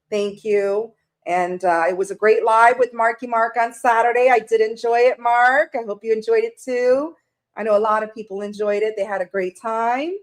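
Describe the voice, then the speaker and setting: This mid-range female voice belongs to a tarot livestreamer at home in her room. She's emotional and tearful, chatting casually and saying hello to viewers by name.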